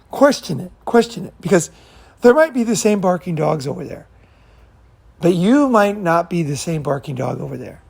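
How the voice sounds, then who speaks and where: A man's voice: fairly high pitch, creaky, darkish tone. A man talking in a rambling, unscripted monologue, swearing freely and repeating himself as he tells stories. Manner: profane, rambling storyteller who repeats himself. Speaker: channel host.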